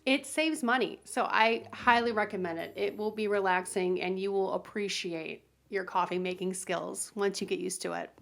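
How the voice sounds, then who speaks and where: A woman's voice: medium pitch, moderate pace, vocal fry, hardly any pauses, a bit bright. Earnest woman barista telling stories. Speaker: guest barista. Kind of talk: casual interview.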